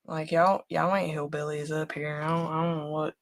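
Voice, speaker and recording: A woman's voice: low-pitched, little pitch movement, moderate pace, a little hiss or hum. A woman from West Virginia with an Appalachian accent, a craft host chatting casually and folksily while she works, laughing often.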